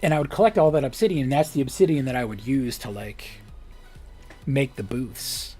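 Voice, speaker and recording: A man's voice: medium pitch, normal speed, mellow, slightly rough, faint music behind. Man rambling jokingly on a live stream. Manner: rambling, joking storytelling, drops to a whisper for asides. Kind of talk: casual chat while streaming a game.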